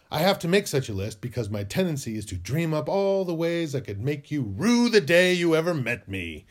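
A man hosting a podcast, performing a comic skit where he argues with himself in two voices with a sing-song delivery. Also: fairly high pitch. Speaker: podcast host.

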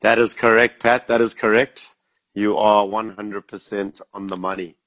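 A man with a low voice trades jokey, indignant banter on a sports podcast. The recording is dry and a little dull, with a slightly muffled top end. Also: level tone, normal speed, fairly bright tone, no echo. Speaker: podcast co-host and segment runner. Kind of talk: casual sports chat.

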